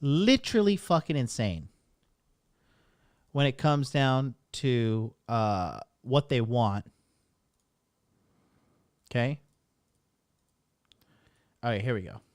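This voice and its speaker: A man's voice: medium pitch, drawn-out words, long pauses, smooth, no echo, clean studio sound. A man running a casual livestream as a dating coach, talking in a rambling, blunt, profane way.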